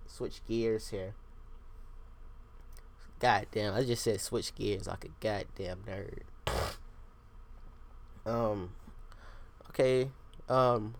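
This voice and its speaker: Profane, rambling young man. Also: lowish voice. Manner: profane, digressive, self-deprecating. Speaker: podcast host. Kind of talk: casual rambling monologue.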